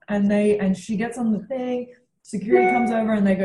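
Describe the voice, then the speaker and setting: A woman's voice: medium pitch, quick pace, a little hiss or hum. Australian woman telling a wild story. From Western Australia. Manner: animated, swears freely, acts out quotes. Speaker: comedian guest. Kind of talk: casual storytelling. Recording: roomy echo.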